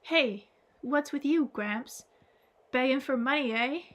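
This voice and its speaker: A woman's voice: sits high, slow pace. A woman reading as a snappy arrogant young woman. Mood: irritated. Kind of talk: audiobook reading.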